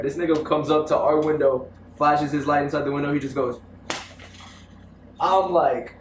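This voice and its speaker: A young man telling stories in casual interview chat, animated and full of slang. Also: a little high, moderate pace, a little hiss or hum. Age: young adult. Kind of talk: casual storytelling. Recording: echoey room, mic from far off.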